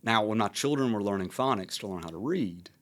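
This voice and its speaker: Southern man with a low reflective voice. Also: lively intonation, brisk. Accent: Southern American. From American South. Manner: reflective, rambling, many fillers. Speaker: podcast host. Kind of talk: casual conversation.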